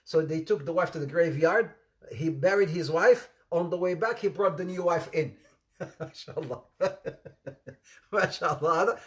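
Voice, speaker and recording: A man giving an informal sermon, telling anecdotes in an animated way with laughter and repetition. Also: on the high side, unhurried, long pauses. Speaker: Islamic preacher.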